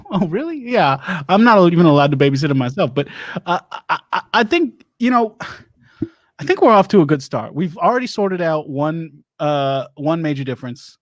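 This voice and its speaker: A man plays a rambling, divorced doomsday-prep lecturer hosting an improvised comedy show, speaking in halting, deadpan stops and starts. His voice is a little high, and the recording is dry with clean studio sound.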